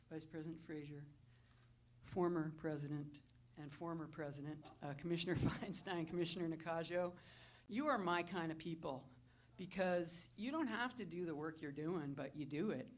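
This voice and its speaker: Fire chief thanking her colleagues, lots of ums. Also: on the low side. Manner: informal, many fillers, warm thanks. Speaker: fire chief giving retirement speech. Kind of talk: emotional public speech. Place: indoor event with audience.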